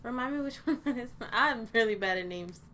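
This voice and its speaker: A young woman chatting on a podcast in a slightly high voice. She teases her co-host and giggles often, with faint background hiss. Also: lively intonation, a little fast, bright, forceful tone. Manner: playful, giggly, teasing. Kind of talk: casual chat.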